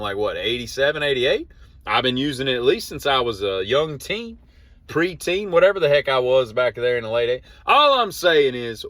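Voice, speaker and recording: A man's voice: medium pitch, fairly bright tone, dry recording. A man, hosting a casual daily monologue, wandering off track and correcting himself as he tells a story. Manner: meandering, self-correcting, wry storyteller. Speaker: host of a daily show.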